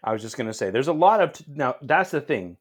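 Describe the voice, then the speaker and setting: A man co-hosting a casual podcast, talking in an animated way, laughing often and restarting his sentences. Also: medium pitch, quick pace, husky. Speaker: podcast co-host. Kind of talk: casual chat.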